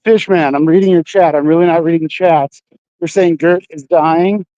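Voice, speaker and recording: High-voiced rambling man streaming outdoors. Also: steady tone, moderate pace, mellow, no echo, dull audio. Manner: rambling, profane, full of fillers. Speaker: livestreamer. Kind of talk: casual livestream chat. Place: outdoors on city streets at night.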